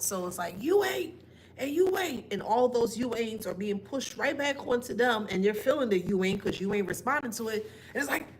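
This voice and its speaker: A woman's voice: mid-range voice, a little hiss or hum. A woman giving a casual spiritual reading to her viewers, blunt and emphatic, with mocking asides.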